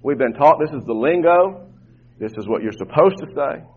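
Preacher guy going hard at his church, lots of repeated words, sounds like an old phone line, kinda raspy. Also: fairly high pitch, lively intonation, moderate pace. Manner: fervent, repeats words while building points. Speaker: pastor. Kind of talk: sermon. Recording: tinny phone-like line, muffled.

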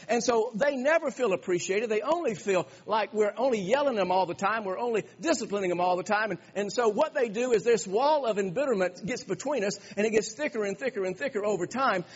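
A pastor with a high, husky voice preaches to his congregation, emphatic and frequently repeating words and restarting phrases. The recording is dull and lo-fi, with a long hall reverb.

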